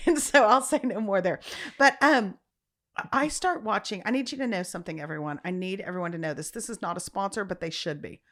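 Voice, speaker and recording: A woman co-hosting a podcast, chatting casually with quick asides and agreement. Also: mid-range voice, fairly bright tone. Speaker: podcast co-host. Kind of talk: casual chat.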